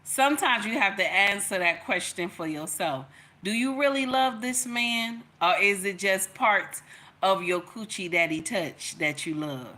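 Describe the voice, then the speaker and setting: A woman's voice: mid-range voice, unhurried, bright, forceful tone. A woman from Nigeria hosting a casual commentary livestream, chatty and preachy, talking straight to her viewers. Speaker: commentary channel host.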